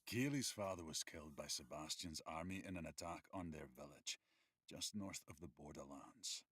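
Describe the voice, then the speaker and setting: An actor voicing a teasing, protective male wolf warrior in an audiobook, wry and calm. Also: rumbling low, moderate pace, breathy edge, dry recording, studio quality, exaggerated voice. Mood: grave. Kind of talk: audiobook character voice.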